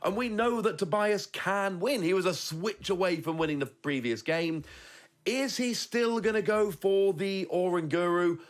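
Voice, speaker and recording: A man with a slightly higher voice commentates a competitive card game. He talks through each play analytically, weighing the players' chances step by step. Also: animated, measured pace.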